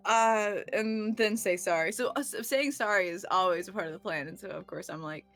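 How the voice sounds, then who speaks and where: A woman's voice: mid-range voice, a little fast, fairly bright tone, faint music behind. A woman recapping a tabletop game session in a rambling, giggly way, swearing freely and restarting her sentences. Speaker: player recapping the last session.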